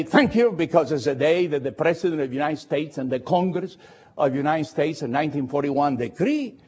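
Preacher, lively pitch. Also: male voice, husky, dull audio. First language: Spanish. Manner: slow, emphatic preaching with repetitions. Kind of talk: sermon.

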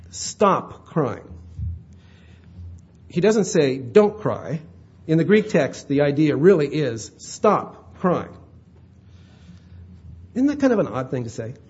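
Man, pastor, sermon, conversational, husky, lively pitch. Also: dull audio. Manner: conversational, checks in with "all right?".

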